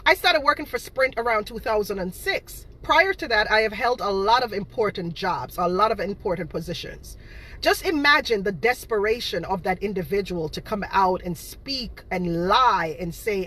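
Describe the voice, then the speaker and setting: Speaking to her viewers with casual indignation, a Boston cake seller in her thirties repeats herself to drive points home. She's from Boston, Massachusetts, and her accent has a Jamaican patois flavor. Her medium-pitched voice is fairly bright, with lively intonation and a moderate pace.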